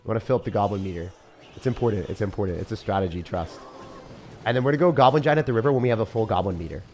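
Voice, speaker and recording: A young man giving casual, excitable gameplay commentary, often breaking into disbelief and calling the listener dude or bro. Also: fairly low pitch, racing, soft background music. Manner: excitable, frequent disbelief outbursts, calls viewers dude and bro. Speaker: gaming creator.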